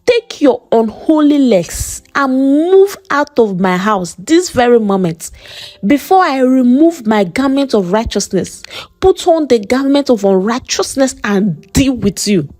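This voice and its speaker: A woman puts on a stern Nigerian church mother, a widow who lectures her daughter with mocking sarcasm and preacher-like verses. Her voice sits high and swings widely, slow and deliberate in a dry, close storybook narration. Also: big pitch swings, a little mellow, no echo. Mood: preachy scolding. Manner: mocking, sermon-like scolding.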